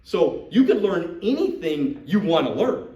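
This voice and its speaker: Animated man coaching a room. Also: fairly high pitch, unhurried, roomy sound, far from the mic, lo-fi sound. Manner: animated, acts out sales dialogues. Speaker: business trainer coaching recruits. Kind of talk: live coaching talk to a group.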